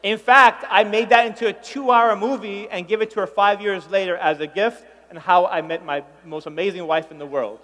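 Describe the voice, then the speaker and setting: A man's voice: high-pitched, fairly even intonation, normal speed, hardly any pauses, a bit bright. A man performing stand-up comedy before a conference audience, playful and teasing as he acts out the crowd's reactions. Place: large conference hall with a live audience. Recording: long reverb of a big hall.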